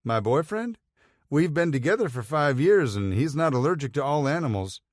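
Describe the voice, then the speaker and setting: A man's voice: on the high side, very animated, normal speed, dry recording, clean studio sound, voice pushed up. A man voicing a friendly, flirtatious male delivery man who speaks in a cheerful, lightly raised voice.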